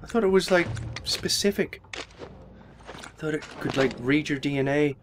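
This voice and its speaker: A man doing jokey, excitable gameplay commentary, yelping and muttering as he plays. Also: fairly high pitch, measured pace, a little hiss or hum. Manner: excitable, jokey, swears mildly, yelps when hit. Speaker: let's play gamer. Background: game music.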